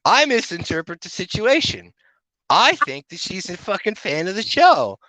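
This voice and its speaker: On a podcast, a middle-aged co-host tells crude, rambling anecdotes, swearing freely and giving the people he quotes animated voices. His voice sits high with a bright, forceful edge, at a moderate pace. The audio is poor but dry and close, with almost no room and no echo.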